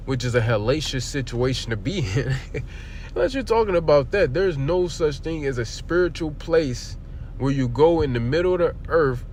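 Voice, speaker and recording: Man, livestream preacher, mid-pitched voice, blunt and profane, reads then explains, faint background noise. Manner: reads verses aloud, then explains them bluntly with profanity and rhetorical questions. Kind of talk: streamed scripture lesson.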